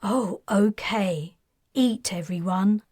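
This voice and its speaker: A woman's voice: medium pitch, slow, a little mellow, husky, dry recording, clean studio sound. A woman voicing Jazz, a blunt, determined young woman who is all business, in a curt way.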